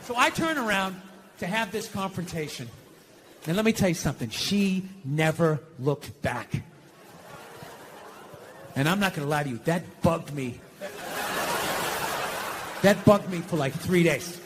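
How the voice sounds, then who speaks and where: A man doing a stand-up comedy routine, ranting with profanity in an exasperated, animated way. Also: high voice, a little slow, pauses often, a little hiss or hum.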